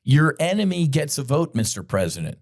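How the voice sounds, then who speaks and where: A man's voice: on the high side, sing-song, a little fast. A middle-aged man hosting a podcast, delivering an impassioned, blunt commentary monologue with frequent profanity and direct appeals to his listeners. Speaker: podcast host.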